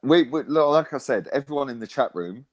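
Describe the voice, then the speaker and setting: A man chatting about football with a mate. He tells stories with animation, swears freely and keeps checking in with "right?" and "yeah?". His voice sits at an ordinary middle pitch. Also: animated, brisk. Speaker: co-host, football fan pundit. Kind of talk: casual football chat.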